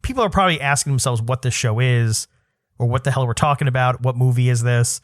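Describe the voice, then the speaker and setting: A man co-hosting a podcast in casual chat, jokey and quick to say yeah. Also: medium pitch, no room sound, studio quality. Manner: animated, jokey, frequent yeah backchannels. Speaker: podcast co-host.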